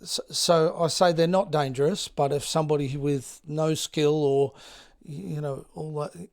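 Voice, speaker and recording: A man in his fifties with an Australian accent, a guest telling stories in a relaxed, halting way, full of fillers. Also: fairly high pitch. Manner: laid-back, many fillers and restarts, acts out others' lines. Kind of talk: casual storytelling chat.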